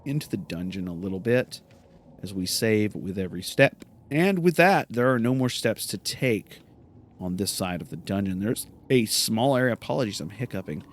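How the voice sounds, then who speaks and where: A man's voice: on the low side, expressive, normal speed. A man hosting a let's play, giving casual gameplay commentary, rambling and correcting himself with many fillers.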